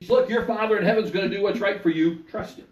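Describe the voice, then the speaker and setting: A man's voice: high-pitched, fast, reverberant, distant mic, slight background noise, rough recording. A male pastor delivering a sermon, telling a story and putting questions to the congregation.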